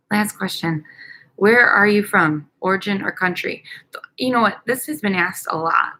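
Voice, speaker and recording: A woman's voice: medium pitch, moderate pace, sharp tone. Young woman, Chicago accent, chatty vlogger, rambling, upbeat, giggly, outdoors at night. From United States. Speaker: dental hygienist vlogger. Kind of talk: casual chatty vlog.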